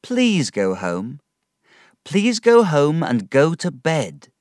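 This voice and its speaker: Agnes, a gentle young woman, voiced by a man. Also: a little high, huge pitch swings, slow, no room sound, studio quality, pitched above the performer's own voice, heavily acted. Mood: concerned. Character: gentle kind young woman, caring friend. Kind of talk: audiobook character reading.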